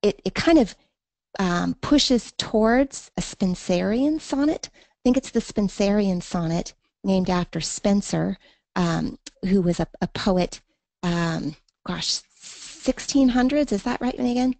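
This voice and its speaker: A woman's voice: medium pitch, slow, gravelly, a little mellow, no room sound. A woman teaching a poetry lesson in an online class, thinking aloud with fillers and reading verse in a rhythmic beat. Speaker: literature teacher.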